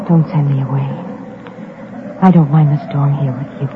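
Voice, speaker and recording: A woman's voice: deep voice, steady tone, moderate pace, lightly acted. A woman playing a neurotic, possessive young woman in a radio drama, pleading and intense. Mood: obsessive, pleading. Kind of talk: 1940s radio acting. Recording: tinny old radio broadcast with faint hiss.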